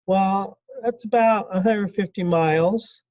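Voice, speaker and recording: A man teaching a classroom lecture in a conversational way, asking the class questions and acting out quick quotes. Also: high voice, darkish tone, no echo, muffled recording. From California.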